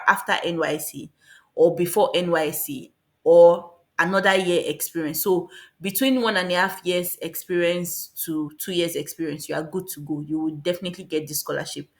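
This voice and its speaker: A woman giving a casual, fast explainer on applying for a scholarship, often repeating and correcting herself. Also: on the low side. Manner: fast, repetitive, self-correcting. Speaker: scholarship guide vlogger.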